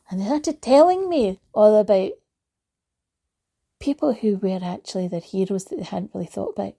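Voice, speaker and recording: A woman's voice: mid-range voice, lively intonation, moderate pace. A woman giving a reflective motivational talk, telling a story in an anecdotal way. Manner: warm anecdotal storytelling, laughs lightly. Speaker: motivational speaker.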